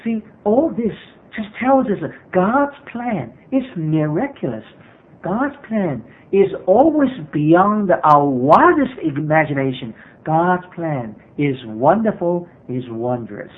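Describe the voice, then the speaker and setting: A man's voice: sits high, sing-song, slow. A man preaching a sermon as pastor, earnest and repetitive, with frequent hesitations. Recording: tinny phone-like sermon recording.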